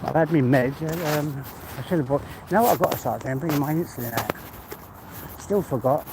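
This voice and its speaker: A man's voice: fairly high pitch, a little fast, noisy background. An English man rambling in a heartfelt way as he walks outdoors, a little out of breath. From England. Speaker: vlogger. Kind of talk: casual walk-and-talk monologue. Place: outdoors on a walk.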